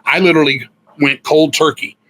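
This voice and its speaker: A man with a raspy voice telling his story in a casual chat, blunt and swearing freely. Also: fairly high pitch, steady tone, a little fast, sharp tone, rough recording. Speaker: guest musician.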